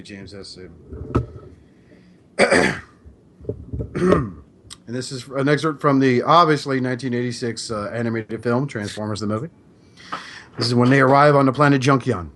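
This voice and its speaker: A man co-hosting a casual podcast chat, animated and laughing, swearing freely. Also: mid-range voice, noisy background. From Kansas. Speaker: podcast co-host.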